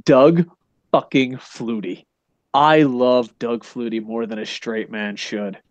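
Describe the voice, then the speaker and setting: A man's voice: mid-range voice, fairly even intonation, slow pace, no echo, muffled recording. A middle-aged man hosting a casual wrestling podcast, rambling and swearing with big enthusiasm and asking "you know what I mean?" again and again. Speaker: podcast host. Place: Japan.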